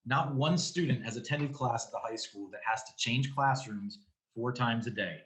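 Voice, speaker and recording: Man reading out a firm statement, steady mid voice, echoey room sound. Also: medium pitch, moderate pace. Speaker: reentry committee member. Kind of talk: prepared public statement.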